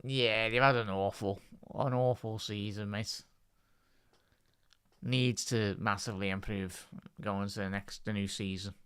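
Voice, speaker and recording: Smooth-voiced Scouse man chatting to viewers. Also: lowish voice, fairly even intonation, unhurried, fairly bright tone. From Liverpool, England. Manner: chatty, talks to viewers as "chat" and "lad". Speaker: live stream commentator. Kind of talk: casual live watch-along commentary.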